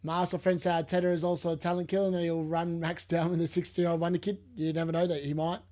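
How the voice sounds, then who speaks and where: An Australian man hosting a live fantasy football watchalong, chatting and laughing with viewers and shouting at every chance. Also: a little high, little pitch movement, fast. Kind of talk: live watchalong commentary and chat replies.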